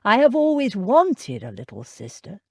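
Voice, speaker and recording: A woman's voice: wildly swooping pitch, moderate pace, warm tone, no room sound, clean studio sound, full character voice. Zack, a woman reading an earnest young nobleman. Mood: tender. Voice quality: deep voice. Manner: tender, earnest.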